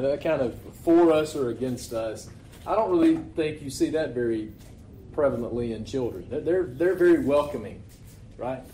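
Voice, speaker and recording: A man's voice: medium pitch, a little mellow, slight background noise. A man preaching a sermon in a loose, conversational way, often asking rhetorical questions. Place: church meeting hall. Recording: echoey hall recording.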